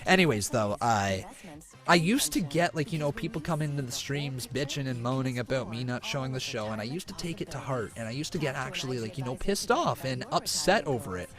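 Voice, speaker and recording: Over music and through a cheap microphone, a medium-pitched man gives live reaction commentary on a wrestling show at a fairly quick pace. He screams and cheers at big moves, then chats calmly with viewers in between.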